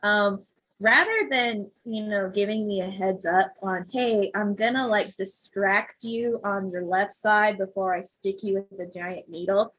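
Husky woman telling a lively story. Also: mid-range voice, poor audio. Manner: animated storyteller, acts out voices, laughs often. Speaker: physical therapist. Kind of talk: casual chat, telling a story.

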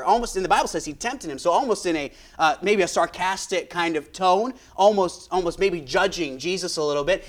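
A man's voice: high voice, animated, brisk. An American man preaching a sermon in a conversational way, with frequent restarts and fillers, into a handheld microphone. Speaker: guest preacher.

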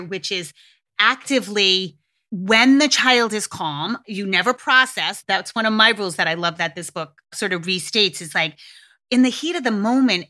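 A woman hosting a podcast, talking frankly and casually with swearing and lively acted-out quotes. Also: medium pitch. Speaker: podcast host. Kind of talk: casual solo podcast talk.

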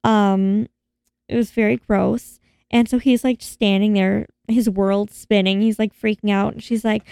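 A woman's voice: medium pitch, flat delivery, measured pace, vocal fry, dark tone, clean tone, no room sound, studio quality. A woman in casual chat, recapping a film and animatedly acting out the characters' lines in voices. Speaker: podcast co-host recapping a film.

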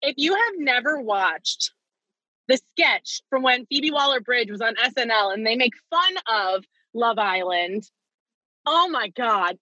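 A young woman co-hosting a podcast, telling stories in an animated, gushing way. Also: on the high side, no echo, dull audio. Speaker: podcast co-host. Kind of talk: casual chat.

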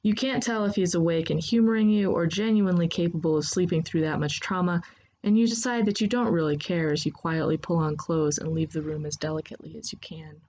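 A woman narrating a second-person story in a steady, unhurried reading voice. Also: lowish voice, highs cut off.

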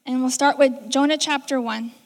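A woman's voice: high voice, fairly even intonation, normal speed. A woman preaching a sermon in a conversational way, acting out the lines she quotes. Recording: reverberant hall.

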